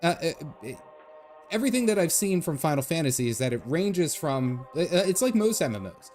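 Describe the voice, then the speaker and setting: A man's voice: fairly high pitch, very animated, moderate pace, a little mellow. Chatty male game streamer over faint music. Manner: chatty, rambling, answers chat as he goes. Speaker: gaming streamer. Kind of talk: casual live-stream chat while gaming.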